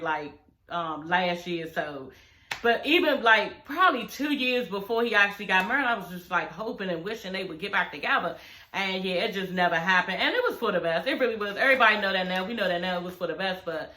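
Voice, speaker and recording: A young woman talks straight to her viewers in a loose, chatty recap, often calling them y'all. Her voice sits a bit high, bright and forward. The room gives it a noticeable echo. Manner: chatty, addresses viewers as y'all, frequent "you know what I'm saying". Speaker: reality show recap vlogger. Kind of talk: casual recap commentary.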